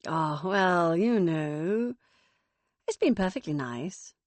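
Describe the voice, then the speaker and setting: Reading an audiobook, a woman voices a self-absorbed mother near sixty in a breezy, sing-song, airy manner. Her voice is lowish and expressive, and she takes it slowly. The recording is dry.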